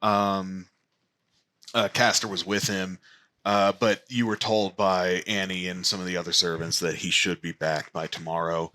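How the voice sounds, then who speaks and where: A man narrating as the game master of a tabletop game, slow and halting with lots of fillers. His voice is low-pitched but bright and forceful. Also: little pitch movement.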